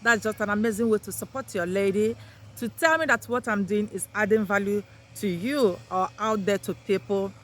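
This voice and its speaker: A woman's voice: moderate pace, fairly bright tone. A woman teaching a vocabulary lesson, saying each new word in a lifted voice and repeating it before explaining. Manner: lifts words sharply in pitch when introducing them. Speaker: language teacher.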